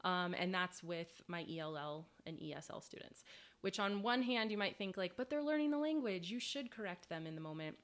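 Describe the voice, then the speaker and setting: A young woman with a slightly low voice chats casually on a podcast. She tells stories in a loose, rambling way and breaks into laughter often. She speaks as a high school English teacher talking shop. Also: normal speed, fairly bright tone. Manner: chatty storyteller, laughs often.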